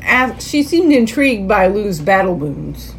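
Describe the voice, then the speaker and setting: A woman's voice: medium pitch, big pitch swings, a little slow, slight background noise. A woman co-hosting a podcast in casual chat, adding trivia and wry comments about a movie. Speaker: podcast co-host.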